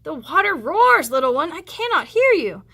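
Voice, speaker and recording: Impatient storybook mother, scolding and formal, read by a woman, pitched high and bright. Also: big pitch swings, moderate pace, exaggerated voice.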